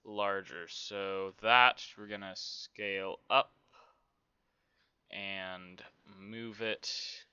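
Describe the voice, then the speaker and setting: A man's voice: lowish voice, fairly even intonation, very slow, pushed and bright, clean tone, no echo, highs cut off. A man casually talking through a game development tutorial, rambling to himself with many fillers. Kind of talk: casual screen-recorded tutorial.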